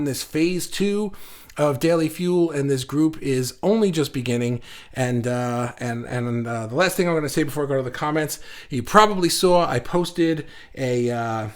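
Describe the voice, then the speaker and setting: A man hosting a live online session, talking loosely with many fillers and restarts as he reads viewer comments aloud. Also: fairly high pitch. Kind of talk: casual livestream talk, reading comments aloud.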